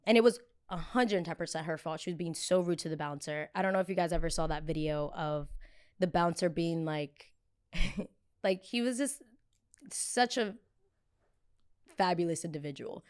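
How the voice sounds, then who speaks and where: A young woman hosting a podcast, telling a story in chatty, animated fashion, full of "like" fillers and acted-out quotes. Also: clean tone. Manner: animated, acts out quoted people with big jumps in pitch and loudness; chatty, heavy use of filler "like". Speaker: podcast host. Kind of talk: casual storytelling.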